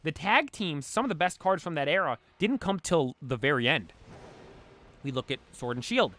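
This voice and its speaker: Chatty male streamer, bright voice. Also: on the high side, lively intonation, normal speed. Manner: rambling, talks to chat. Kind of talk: casual live-stream chat. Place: cold room at home.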